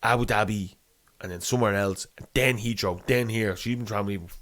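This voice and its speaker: A man's voice: lowish voice, fast talker, fairly bright tone. A young man, telling a rambling story on a podcast, swearing and laughing as he goes. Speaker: podcast co-host. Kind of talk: casual chat, storytelling.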